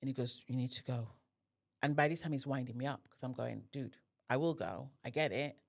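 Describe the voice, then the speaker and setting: With an extremely low, gravelly voice and a brisk pace, this woman guests on a podcast. Animated throughout, she recounts a personal story and performs the voices of others involved.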